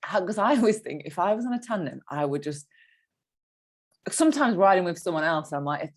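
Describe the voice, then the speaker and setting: A woman's voice: lowish voice, lively intonation, moderate pace. A woman hosting a podcast, asking rambling, chatty questions full of fillers. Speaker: podcast host. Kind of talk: casual interview chat.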